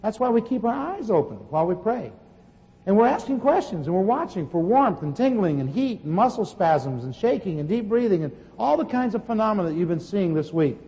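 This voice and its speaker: A man preaching a sermon and telling healing stories in an animated way, with sudden shouts. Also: high voice, fairly quick. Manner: animated storytelling, bursts of shouting. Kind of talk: sermon teaching with testimony. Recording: long hall reverb.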